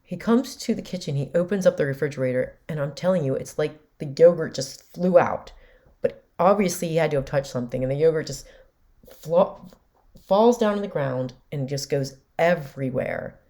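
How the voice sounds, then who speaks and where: A woman's voice: deep voice, moderate pace, dark tone. A woman host candidly recounting a personal story in a conversational way. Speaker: podcast host.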